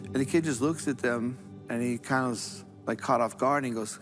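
A man's voice: medium pitch, fairly even intonation, normal speed, music in the background. Male priest, mid-range voice, earnest sermon delivery with emphatic repetition. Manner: earnest storytelling preacher, repeats phrases for emphasis. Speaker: Catholic priest.

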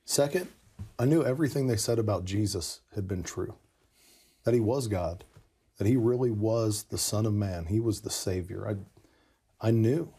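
A man's voice: lowish voice, moderate pace, dark tone, husky. A man in casual conversation, earnestly telling a personal story with lots of "you know" asides. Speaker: podcast guest telling his conversion story.

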